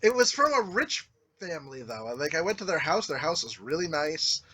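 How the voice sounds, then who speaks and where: Lively laid-back podcast man. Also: fairly high pitch, moderate pace, no echo. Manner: laid-back, laughing anecdotes with fillers. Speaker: podcast co-host. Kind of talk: casual chat.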